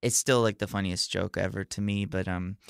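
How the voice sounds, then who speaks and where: A man's voice: low voice, steady tone, moderate pace, creaky, fairly bright tone, clear, resonant tone, dry recording, clean studio sound. A man in his thirties from Alabama with a faint Southern accent, a comedian chatting casually in an interview, rambling with many fillers and easy laughs. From Alabama, USA. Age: 30s. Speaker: comedian guest.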